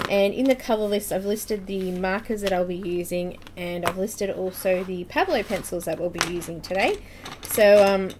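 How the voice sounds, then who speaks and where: A woman with a mid-range voice hosts a live coloring tutorial stream, chatting casually, laughing often, and greeting viewers by name. She's in a home room with an air conditioner running, and the background is noisy.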